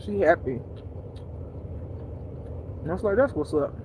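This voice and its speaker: A woman's voice: lowish voice, animated, a little slow, background noise. A woman chatting loosely and profanely to her viewers, laughing often at her own jokes. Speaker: spiritual teacher streaming live. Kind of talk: casual unscripted chat.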